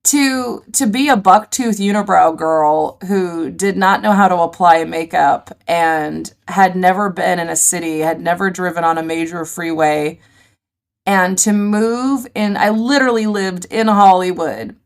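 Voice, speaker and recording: A woman in middle age, a podcast guest, tells her stories vividly and with animation. Her voice sits fairly low. It has a gravelly, fry-tinged texture. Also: a little slow. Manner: animated, vivid storyteller, laughs easily. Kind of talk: conversational storytelling.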